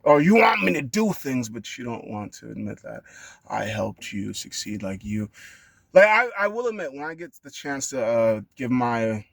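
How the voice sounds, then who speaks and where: A man talking in a rambling, profane monologue that sometimes bursts into high-pitched shouting. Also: very animated, normal speed, gravelly, dry recording. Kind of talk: casual monologue rant.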